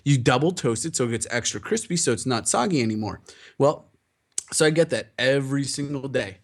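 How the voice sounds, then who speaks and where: A man's voice: mid-range voice, expressive, a little fast. A young man rambling through a story in casual chat, acting out the dialogue and swearing often.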